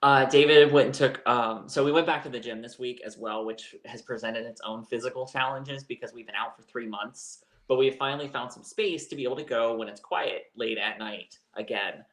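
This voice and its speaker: A man's voice: medium pitch, normal speed, few pauses, a bit bright, echoey room. A man co-hosting a live chat show, telling a personal story in a candid, rambling way. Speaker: co-host. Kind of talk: casual chat.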